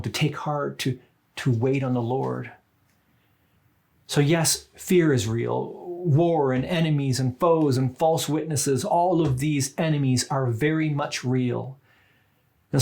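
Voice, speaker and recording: A man's voice: medium pitch, creaky, a little mellow. A man preaching a sermon in a reflective, conversational way, often turning to the listeners with asides. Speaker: pastor.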